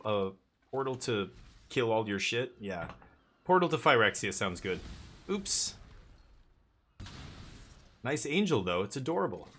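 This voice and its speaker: This live streamer, a man with a medium-pitched, fairly bright voice, chats casually while playing a card game. His commentary rambles along with jokey asides.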